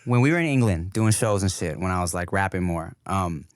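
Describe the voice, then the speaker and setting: A man hosting a casual podcast, telling animated stories and slipping into accents. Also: deep voice, brisk, dry recording, clean studio sound. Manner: animated storyteller who slips into accents. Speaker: podcast host.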